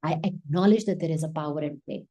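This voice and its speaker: A woman's voice: low voice, quick pace, mellow, rough recording. Impassioned woman giving a Quran reflection. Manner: impassioned, switches between English and Hindi. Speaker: Islamic teacher.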